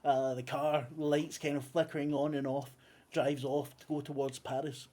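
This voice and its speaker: A man's voice: a little high, flat delivery, moderate pace, darkish tone. Rambling man running a game. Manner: rambling, frequent ums and self-corrections. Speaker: game master. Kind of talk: narrating a tabletop game.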